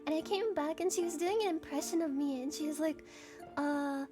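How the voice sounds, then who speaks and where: Very high-pitched giggly woman streamer. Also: fairly quick, music in the background. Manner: giggly, rambling, frequent swearing. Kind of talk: casual live-stream chat.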